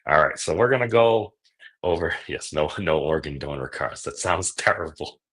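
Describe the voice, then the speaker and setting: Male livestream host, deep voice, casual rambling storyteller. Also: lively intonation, normal speed, a bit bright, husky. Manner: rambling storytelling with filler phrases. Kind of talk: casual live-stream chat.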